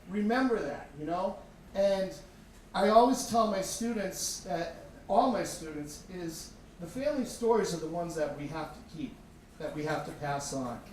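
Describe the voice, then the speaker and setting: Earnest high-voiced storyteller in echoey room. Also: male voice, a little hiss or hum. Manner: earnest, animated. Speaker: storyteller, teacher. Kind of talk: live storytelling. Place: tavern with live audience. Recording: echoey room, distant mic.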